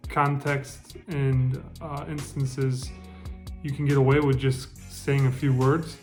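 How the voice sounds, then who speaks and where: Relaxed man teaching with many pauses. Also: mid-range voice. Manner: relaxed, many ums and restarts. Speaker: French language teacher. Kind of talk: casual spoken lesson. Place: lives in France.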